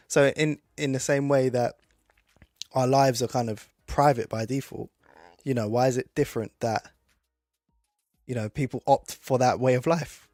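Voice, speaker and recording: A man with a British accent co-hosting a podcast, relaxed and agreeable, often backing up his co-host. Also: mid-range voice, dry recording, studio quality. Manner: relaxed, agreeable, quick affirmations. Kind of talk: casual podcast chat.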